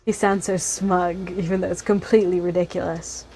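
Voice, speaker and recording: A woman narrates a text game in the first person, breaking into giggly, animated asides as she plays. Her voice sits on the low side, with faint background music underneath. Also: normal speed, few pauses. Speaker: game streamer. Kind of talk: reading a text game aloud with commentary.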